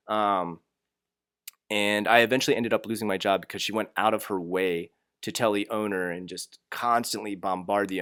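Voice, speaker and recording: Blunt, low-voiced young man ranting. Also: a bit bright, smooth, no echo, studio quality. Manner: blunt, frank and ranting, with casual swearing. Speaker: English teacher in Japan. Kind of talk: casual advice vlog.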